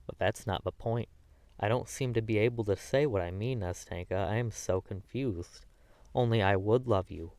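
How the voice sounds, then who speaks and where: A man with a low voice reads a classic novel aloud, earnest and emotive, now and then stumbling over a word. The recording is dry and close, with no room sound. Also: normal speed, darkish tone, dry recording. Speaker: audiobook narrator. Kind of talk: classic novel audiobook reading.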